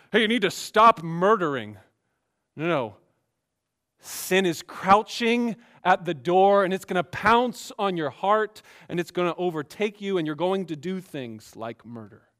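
A man preaching a sermon as pastor, emphatic, swinging between quiet asides and raised exhortation. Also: sits high, animated, unhurried.

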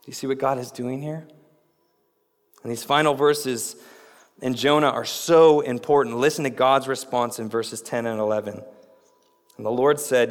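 A man preaching a sermon as pastor, with dramatic delivery that rises to emphatic peaks and drops low. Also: fairly even intonation, normal speed, long pauses, big-room sound.

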